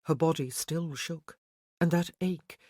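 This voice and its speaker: In a close, echo-free, dry recording, an audiobook narrator reads a romance novel. The pace stays slow and even, and the voice is pitched in the middle.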